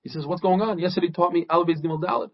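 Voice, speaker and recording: A man giving a daily Talmud lesson, retelling its stories in a lively way and acting out the quoted speakers. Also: high-pitched, rapid-fire, lo-fi sound. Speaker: Talmud teacher.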